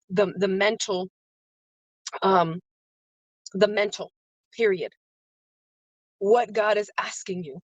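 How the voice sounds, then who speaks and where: A woman's voice: mid-range voice, no room sound, highs cut off. A woman hosting a live stream and giving an earnest, emotional motivational talk, repeating phrases for emphasis and greeting her viewers by name. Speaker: livestream host and faith-based business coach.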